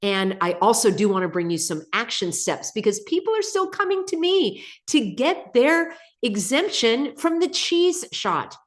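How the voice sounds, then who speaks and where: A woman's voice: a little high, big pitch swings, unhurried, few pauses. A woman hosting a live stream, chatting casually, laughing often and reading viewer comments aloud, slightly under the weather. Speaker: channel host.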